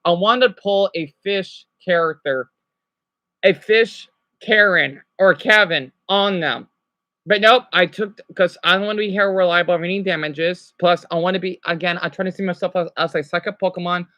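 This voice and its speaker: A man's voice: sits high, pushed and bright, dry recording, highs cut off. A young man ranting on a live stream. He rambles, swears often and keeps apologizing. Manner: rambling, profane, quick to apologize.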